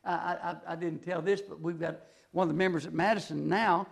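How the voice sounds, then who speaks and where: Folksy older preacher, high voice. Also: male voice, fairly even intonation, brisk, creaky. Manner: folksy, rambling storyteller with restarts. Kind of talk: folksy sermon with stories.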